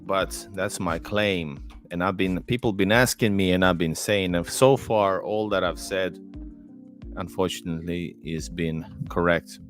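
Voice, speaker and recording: Deep-voiced man streaming. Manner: rambling, many fillers and restarts. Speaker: livestream host. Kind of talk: casual livestream chat. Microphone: close desk mic.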